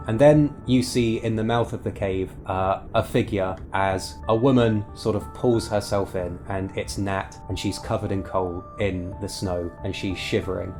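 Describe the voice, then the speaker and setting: A man acting as game master, narrating a tabletop game slowly with many fillers and pauses. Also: low-pitched, fairly even intonation, darkish tone, soft background music. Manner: slow descriptive narration with fillers.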